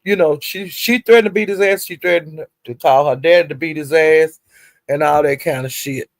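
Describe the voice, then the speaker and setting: A woman's voice: low voice, moderate pace, no room sound. Chatty woman dishing gossip, dry sound. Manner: chatty, profane, laughing asides. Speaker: gossip vlogger. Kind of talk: casual gossip storytelling.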